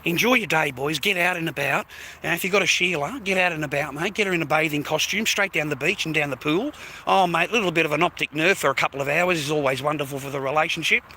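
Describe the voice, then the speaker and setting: A man's voice: a little high, quick pace, sharp tone, a little hiss or hum. An Australian man rambling casually during a walk-and-talk live stream, calling everyone "mate" and swearing now and then. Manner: chatty, rambling, peppers speech with "mate" and "bro", swears. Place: outdoors, walking along streets. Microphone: phone held while walking.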